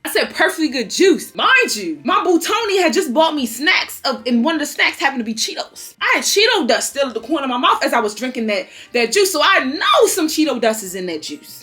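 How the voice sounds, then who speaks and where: Young woman telling a storytime, super lively swooping voice, cusses a lot. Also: high voice, brisk, few pauses, soft background music. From Baltimore. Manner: animated, dramatic storytelling with swearing. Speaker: storytime vlogger. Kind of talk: casual storytime.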